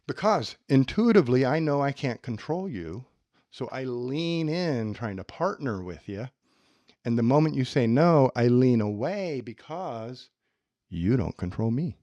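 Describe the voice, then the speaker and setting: Man, self-help podcast co-host, lively up-and-down pitch, acts out scenes, dry close sound. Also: a little slow, no room sound, lo-fi sound. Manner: animated, acts out little scenes. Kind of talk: teaching self-help talk.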